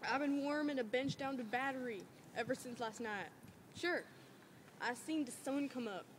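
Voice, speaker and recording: A woman voicing a tough, bitter working-class man in an amateur play reading, talking in rough, clipped street slang. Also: high-pitched, normal speed, lightly acted. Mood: wistful. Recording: loud background noise.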